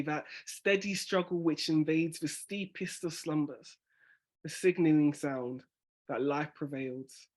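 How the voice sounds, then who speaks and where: Guy talking through his poetry workshop, kinda high voice, relaxed, thinking out loud. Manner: relaxed and thinking aloud, reading his own lines slowly. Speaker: spoken word poet teaching a workshop. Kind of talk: casual workshop teaching.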